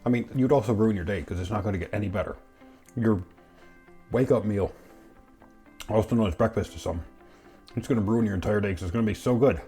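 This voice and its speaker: A man's voice: lowish voice, brisk, pauses often, warm tone, soft background music. A man hosting a casual home cooking vlog, joking and talking to himself while he bakes and eats. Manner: playful, jokey, talks to himself while cooking; eating and chewing while talking. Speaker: cooking channel host.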